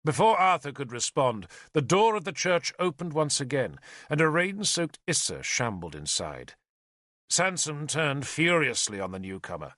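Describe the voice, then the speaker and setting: Man narrating an audiobook, lively and bright. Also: on the high side, moderate pace, no room sound, studio quality. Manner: expressive storytelling.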